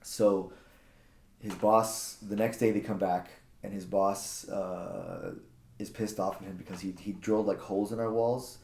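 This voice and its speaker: A man casually telling a personal story, animated and acting out what people said, often repeating words. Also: deep voice, unhurried, creaky, reverberant. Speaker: guest, jiu-jitsu practitioner.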